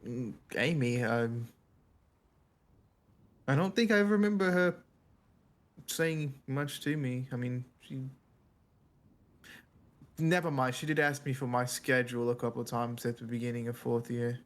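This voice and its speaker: A man voicing a shy young British male wizard student who speaks softly and hesitantly. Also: mid-range voice, fairly even intonation, measured pace, long pauses, natural voice.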